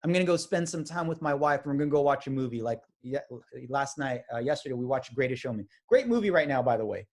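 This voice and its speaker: Man, motivational sales trainer, energetic, acts out dialogue, mid-pitched voice. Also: fast. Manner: energetic, acts out quoted conversations. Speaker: business trainer.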